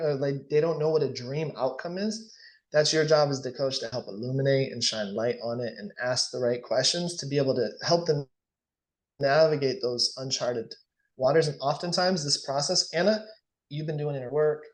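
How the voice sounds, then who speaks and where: Male sales coach, higher-pitched, energetic, demonstrative. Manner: animated, acts out sales dialogues. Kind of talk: casual coaching session.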